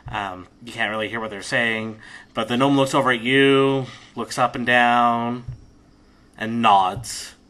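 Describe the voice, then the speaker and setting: A man narrating a tabletop game as game master in a relaxed, conversational way. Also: medium pitch, unhurried, rough recording.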